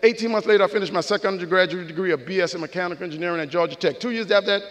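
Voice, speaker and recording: High-voiced preacherly man in a big hall. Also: rapid-fire, a bit bright. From New Orleans, USA. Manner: preacherly, rhythmic, repeating phrases. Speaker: commencement speaker. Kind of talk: motivational speech. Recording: long reverb of a large hall.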